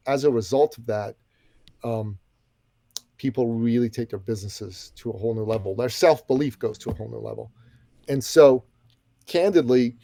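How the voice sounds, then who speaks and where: A man's voice: mid-range voice, warm tone, dry recording, studio quality. A middle-aged man guesting on a podcast, telling a story with energy, emphasis and folksy asides. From Iranian background. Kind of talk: animated storytelling.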